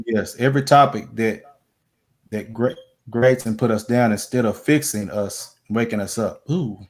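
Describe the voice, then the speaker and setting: Halting male stream host. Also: lowish voice. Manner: halting, restarts with many fillers. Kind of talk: casual live-stream discussion.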